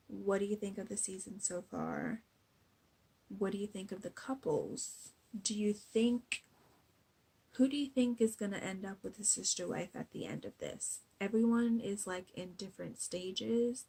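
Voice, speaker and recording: A young woman recapping a TV episode in casual chat, chatty and gushing, jumping into a high voice to act out quotes. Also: darkish tone, husky, low-quality recording. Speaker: recap vlogger.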